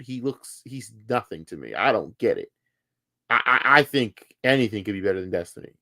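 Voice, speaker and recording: A man's voice: mid-range voice, fairly bright tone, dry recording, studio quality. Guy streaming live, mad and swearing nonstop, stutters words when he's heated. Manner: heated, profane, repeats words when worked up. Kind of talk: angry live-stream rant.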